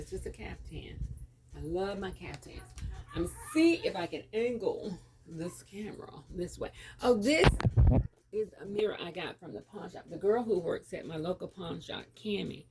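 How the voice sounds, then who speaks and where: A woman's voice: fairly low pitch, background noise. A woman hosting a casual lunchtime vlog from her home, eating and telling stories in a chatty way through the camera mic. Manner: chatty storyteller, animated when quoting others.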